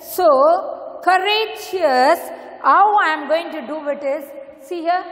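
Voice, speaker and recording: A woman with an Indian English accent teaching an English class. She spells words letter by letter and repeats each one slowly. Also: very high-pitched, fairly bright tone. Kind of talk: classroom lesson. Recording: echoey room with long reverb.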